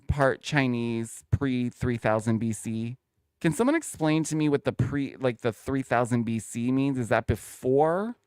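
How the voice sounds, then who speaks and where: A man's voice: mid-range voice, unhurried, a little mellow, clear, resonant tone, no echo, studio quality. A man hosting a casual reality TV recap, chatty and opinionated, talking straight to his viewers. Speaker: host.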